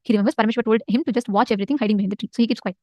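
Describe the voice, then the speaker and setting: Woman storyteller, rapid-fire and animated, somewhat high voice, dry close sound, devotional tale told casually. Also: no echo. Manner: animated, emphatic, repeats phrases for effect. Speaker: storyteller in a spiritual session.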